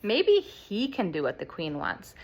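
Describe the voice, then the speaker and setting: A woman voicing three bossy, gleeful lady servants with shrill, chattering voices in a puppet-show story. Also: wildly swooping pitch, measured pace, vocal fry, darkish tone, exaggerated voice, low-quality recording. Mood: scheming.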